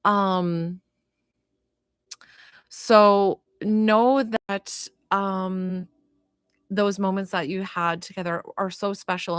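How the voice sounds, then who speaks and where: A woman giving a live spirit reading as a medium, chatty and filled with "like" and "you know", gentle and consoling as she passes on messages. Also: lowish voice, smooth, no room sound. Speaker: psychic medium.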